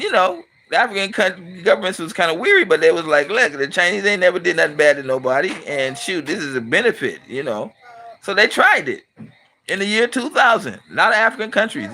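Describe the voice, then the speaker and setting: A man's voice: a little high, pushed and bright, slight background noise. A middle-aged man from California, hosting his channel with a casual, blunt and emphatic opinionated monologue. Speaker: channel host and commentator.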